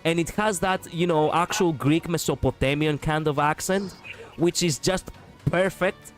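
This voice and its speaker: A man's voice: fairly high pitch, unhurried, soft background music. A man from Europe hosting a livestream, chatting casually, rambling and repeating himself with frequent laughs. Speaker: streamer host.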